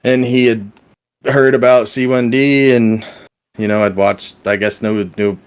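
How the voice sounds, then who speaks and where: A man's voice: mid-range voice, fairly even intonation, measured pace, smooth. A man chatting as a podcast guest, telling stories with lots of ums and restarts. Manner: hesitant, filler-heavy storytelling. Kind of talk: casual chat.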